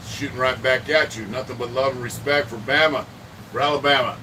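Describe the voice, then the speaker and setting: A man chatting on a livestream from his home art studio, cursing freely and greeting viewers by name. He sits back from the mic, and an air conditioner hums loudly behind him. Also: medium pitch, fairly even intonation, brisk, recorded from a distance, a little hiss or hum, rough recording. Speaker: livestream host. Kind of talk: casual livestream chat.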